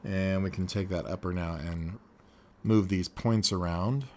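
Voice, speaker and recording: A man's voice: deep voice, fairly even intonation, a little slow, warm tone, slight background noise. A man narrating a casual animation tutorial, thinking aloud as he works, with frequent ums and uhs.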